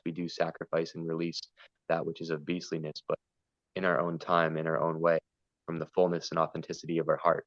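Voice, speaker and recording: A man's voice: extremely low pitch, dry recording, highs cut off. A man talking earnestly and at length in a spiritual conversation, wandering between ideas and stories. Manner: meandering, earnest, storytelling. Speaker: podcast guest.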